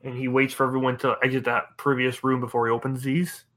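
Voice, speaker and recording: A man running a tabletop game as game master, slowly describing rooms and events. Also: medium pitch, monotone, a bit bright. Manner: slow, deliberate scene description.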